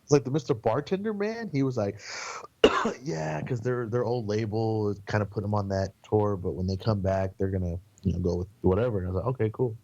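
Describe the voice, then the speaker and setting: A man's voice: fairly low pitch, fairly quick, vocal fry, a little mellow, muffled recording. A man from San Antonio, a podcast guest, telling casual, rambling road stories with plenty of swearing and quoted voices. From San Antonio, Texas. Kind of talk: casual storytelling.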